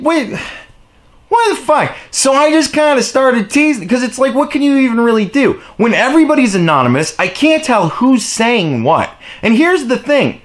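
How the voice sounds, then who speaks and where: A young man ranting casually to his camera, profane and animated, recorded on the camera's own mic. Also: very high-pitched. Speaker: vlogger.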